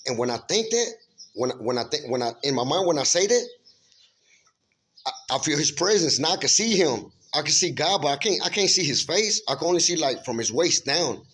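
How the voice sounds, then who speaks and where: A man gives casual testimony about a spiritual vision, his high, fairly bright voice husky, expressive, and a little fast. He's earnest and emphatic but rambling, full of restarts and repeated "you know what I'm saying" checks.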